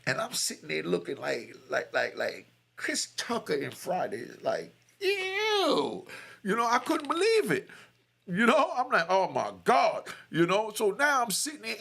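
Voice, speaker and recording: A middle-aged man casually telling a raw, blunt personal story in street slang, jumping up high for quoted voices and asking "you know what I mean" again and again. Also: creaky, fairly bright tone, husky.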